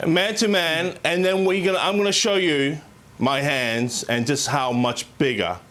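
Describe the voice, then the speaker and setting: A man doing a comic impression of a male dictator who delivers boasts and threats deadpan. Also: fairly high pitch, a little slow. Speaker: impersonator.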